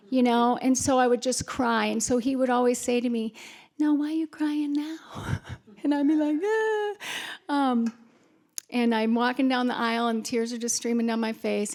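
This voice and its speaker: Woman speaker at a retreat, fairly high voice with some vocal fry, tells personal stories candidly and laughs at herself. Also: darkish tone. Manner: candid, self-mocking storyteller with frequent laughs and fillers. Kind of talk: personal talk to an audience. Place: retreat conference hall.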